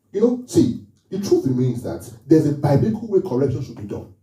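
A man's voice: on the high side, big pitch swings, a little fast, mellow, echoey room, far from the mic, rough recording. A man preaching a sermon as pastor, asking the congregation questions, repeating his phrases and driving each point home.

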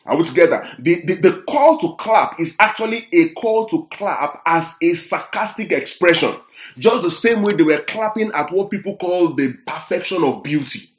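A man preaching with emphasis in a fairly high voice, working through scripture and pausing often to ask if his listeners are following. His voice carries a roomy echo around it. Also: lively intonation. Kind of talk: Bible-teaching sermon. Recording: roomy echoey sound.

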